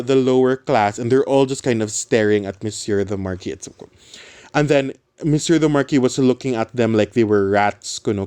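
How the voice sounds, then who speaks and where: A man's voice: medium pitch, darkish tone, smooth. A man reading a classic novel aloud and explaining it casually to students, slipping in Cebuano words. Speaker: literature teacher.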